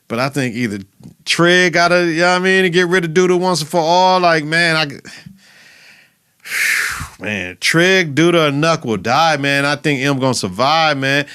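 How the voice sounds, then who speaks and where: A man hosting a podcast, giving a casual, animated recap of a TV episode full of profanity. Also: fairly high pitch, moderate pace, smooth. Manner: animated and profane, acts out scenes. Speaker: podcast host.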